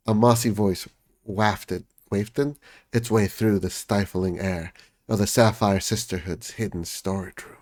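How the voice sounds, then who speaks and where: A man's voice: on the low side, slow pace, pauses often. A man chatting casually as he plays a game, amused and laughing often. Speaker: game streamer. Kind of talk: casual gameplay commentary.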